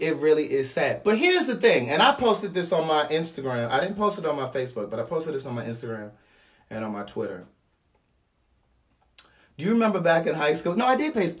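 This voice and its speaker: Animated, high-pitched Baltimore man ranting. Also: recorded from a distance. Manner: animated, blunt and slangy, repeats himself for emphasis. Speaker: vlogger. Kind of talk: casual commentary monologue.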